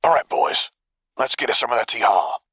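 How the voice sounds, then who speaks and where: A man's voice: medium pitch, expressive, fairly quick, fairly bright tone, breathy edge, no echo, pitched above the performer's own voice. A man reading the part of a brash, teasing female soldier in an audiobook. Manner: cheeky, teasing.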